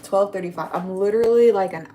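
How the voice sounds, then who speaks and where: A woman's voice: medium pitch, quick pace, warm tone, slight background noise. A woman chatting casually in a home vlog, playful and slangy, talking from her kitchen. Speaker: vlogger and mom.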